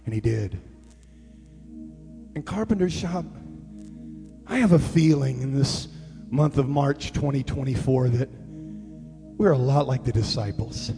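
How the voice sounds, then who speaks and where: A man preaching a comic sermon, telling stories in a chatty way that builds to shouting. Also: medium pitch, unhurried, creaky, pauses often, big-room sound, music in the background.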